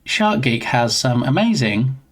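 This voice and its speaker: A man talking over his live stream in a loose, rambling way, often stopping to greet viewers by name. His voice sits at an ordinary middle pitch. He sounds relaxed and chatty. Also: measured pace, a crowd in the background. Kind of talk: casual live-stream chat.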